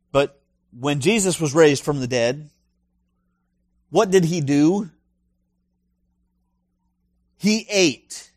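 A man's voice: on the high side, no echo, studio quality. A male pastor preaching a sermon in an emphatic way, full of rhetorical questions and punchy asides.

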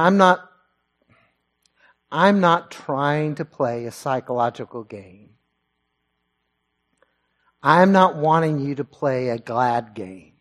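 A man preaching a sermon to his congregation, rising loud and high when he quotes scripture and dropping low and quiet for personal asides. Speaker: pastor.

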